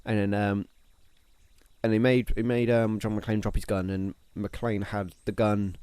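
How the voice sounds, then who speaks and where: A man's voice: on the low side, flat delivery, a little slow, a little mellow, smooth, dry recording. A man co-hosting a podcast, chatting casually in a rambling, jokey way. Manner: rambling, jokey, thinks aloud with fillers. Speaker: podcast co-host.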